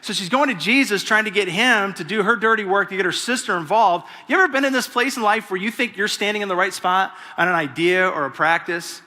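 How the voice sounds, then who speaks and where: A male pastor preaches in a bright, forward voice that sits a little high for a man. He talks in a conversational way and acts out the people in the story. His voice rings with the long reverb of a large church hall. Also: a little fast, few pauses. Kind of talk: sermon.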